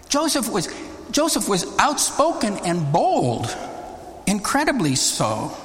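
A man preaching a Bible teaching sermon, deliberate and emphatic, often rising into exclamations. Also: high voice, fairly bright tone. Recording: long reverb of a large hall.

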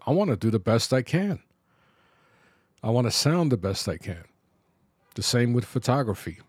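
A middle-aged man from New York talking alone on his podcast, reflective and halting, pausing and restarting as he loses his thread. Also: medium pitch, very animated, darkish tone, breathy edge, no room sound, studio quality. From New York, Bronx. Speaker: podcast host. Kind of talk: personal podcast monologue.

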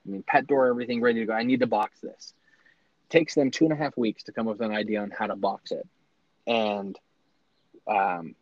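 A man, a small business owner, telling his story in casual, animated talk with lots of fillers and restarts. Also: on the low side, dry recording. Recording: dry, slightly dull lo-fi sound.

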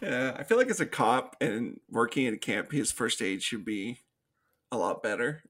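A man's voice: mid-range voice, lively intonation, normal speed, fairly bright tone, breathy edge. A young man co-hosting a casual film review podcast, recapping scenes and acting out characters' lines between laughs. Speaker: podcast co-host.

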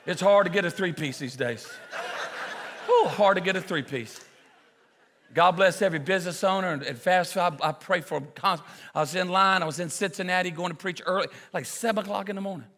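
A male pastor preaching a sermon full of comic stories, with excitable shouting bursts and quick asides. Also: sits high. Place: church auditorium. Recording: preaching in a large echoing hall with audience.

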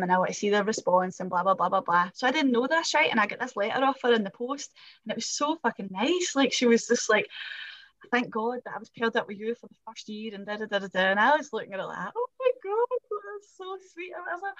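A middle-aged Scottish woman chatting as a podcast guest, telling animated stories with acted quotes and swearing. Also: mid-range voice, quick pace, no room sound. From Scotland. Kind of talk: casual chat.

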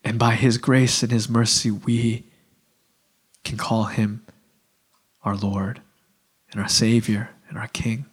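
A man preaching a sermon in a casual, conversational way, full of fillers and restarts, often dropping to a hushed, earnest voice. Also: lowish voice, flat delivery, slow, long pauses, slightly rough.

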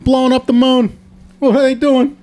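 A man impersonating an exasperated scientist, high strained yelling, insulting, loud and scolding. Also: flat delivery, normal speed.

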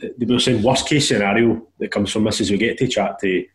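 Scottish man, podcast co-host, casual chat, quick talker, lowish voice. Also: steady tone, low-quality recording. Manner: quick, chatty, swears casually.

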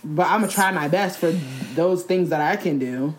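A young woman in casual chat, blunt and animated, talking in slang with many "like"s. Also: on the low side, normal speed, soft background music.

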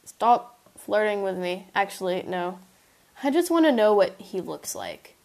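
A woman's voice: medium pitch, sing-song, a little slow, creaky, a little mellow. A young woman hosting her own podcast, reading a chapter of her story aloud and then answering listener questions in casual, chatty, self-mocking asides.

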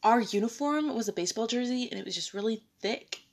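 A woman's voice: fairly high pitch, fast. A young woman telling a personal work story in casual conversation, acting out the dialogue she quotes. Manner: animated, acts out quoted dialogue.

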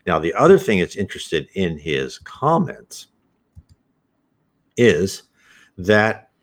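A man giving a conversational teaching talk on spiritism, earnest and explanatory, with animated emphasis. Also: low-pitched, slow. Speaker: spiritism presenter.

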